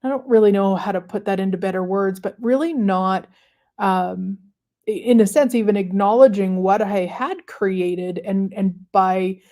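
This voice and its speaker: A woman hosting a live stream, talking casually and reflectively to viewers with many pauses and fillers. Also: mid-range voice, fairly even intonation, warm tone. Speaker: host of a manifestation livestream.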